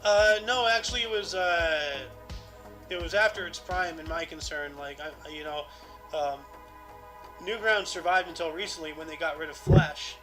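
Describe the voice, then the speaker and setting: With music running in the background, this podcast co-host rambles casually and reads historical dates, using many fillers. He speaks at a moderate pace in a voice on the high side, and the recording is rough.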